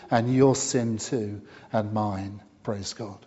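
A middle-aged man delivers a sermon at an unhurried pace, often restarting phrases and filling pauses. His voice carries through a large church with a long reverb tail. The recording sounds somewhat dull and muffled. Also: medium pitch. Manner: warm storytelling with frequent fillers and restarts. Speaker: preacher.

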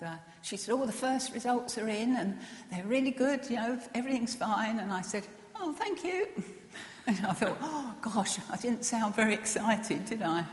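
A woman gives a gentle, earnest personal testimony, pausing often with fillers and soft laughs. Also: mid-range voice. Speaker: speaker sharing a personal testimony. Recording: echoey hall with long reverb.

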